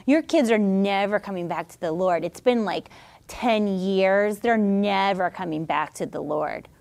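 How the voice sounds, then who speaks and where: A woman putting on a hushed, sneering demonic voice. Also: slow pace, gravelly. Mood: taunting. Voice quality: low, hushed, mocking. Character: sneering demonic spirit taunting believers. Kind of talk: sermon teaching.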